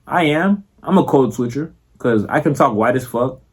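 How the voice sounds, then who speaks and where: Young man, Florida accent, casual vlog monologue, slangy, profane, mid-pitched. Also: expressive, moderate pace, breathy edge. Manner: slangy and profane, repeats "you feel me". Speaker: content creator.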